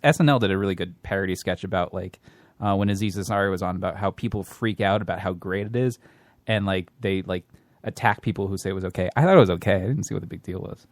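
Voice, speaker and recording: A man's voice: low-pitched, fast, no echo. A man co-hosting a podcast in casual chat, dry and opinionated. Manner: dry, opinionated, matter-of-fact. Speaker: podcast co-host.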